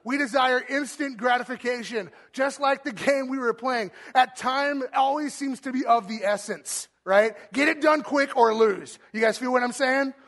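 A man with a strikingly high, bright and forceful voice hosts a game on stage for a church crowd. He talks to the audience with lots of energy, shouting cheers and countdowns and slipping in playful jokes. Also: moderate pace, few pauses. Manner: playful, joking asides. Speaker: church game host and speaker. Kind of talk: live stage talk to an audience.

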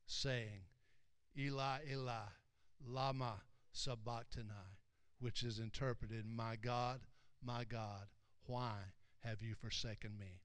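A man preaching a sermon, reading scripture aloud and explaining each verse, building from quiet reading to loud, emphatic preaching. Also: mid-range voice, smooth, dry recording.

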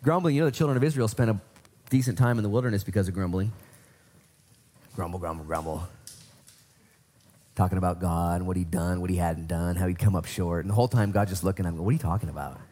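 A man's voice: low-pitched, steady tone, racing, mellow. A man preaching a conversational sermon, emphatic, swinging up and down for stress. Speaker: pastor.

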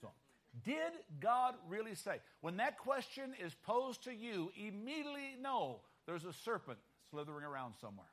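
A man's voice: high-pitched, very animated, moderate pace, hardly any pauses, a bit bright. A man preaching a sermon emphatically and often checking in with his listeners.

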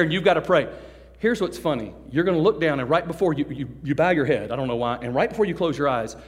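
Joking, animated preacher man in a hall. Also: fairly high pitch. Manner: animated and joking, acting out people he describes. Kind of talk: sermon to a youth service. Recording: long hall reverb.

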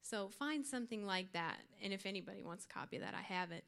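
A woman's voice: medium pitch, expressive, quick pace, gravelly, a bit bright. A young woman giving an earnest, informal youth sermon to her church group, with light laughs. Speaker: youth speaker.

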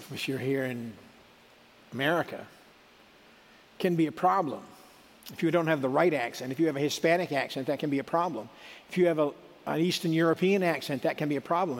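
A man's voice: fairly high pitch, long reverb tail. A middle-aged man giving a sermon in a conversational, folksy way, with asides and restarts. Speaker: preacher.

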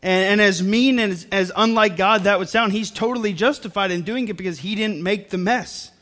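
A man's voice: sits high, brisk, fairly bright tone. A young man preaching a sermon to a congregation in church, earnest and repeating phrases for emphasis. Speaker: pastor. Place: church service before a congregation.

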